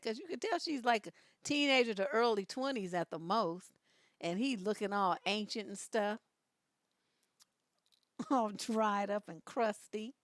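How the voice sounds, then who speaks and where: A woman's voice: medium pitch, expressive, a little slow, long pauses, dry recording, clean studio sound. A middle-aged woman hosting a live stream, laughing often and reacting with sass to viewer comments and memes.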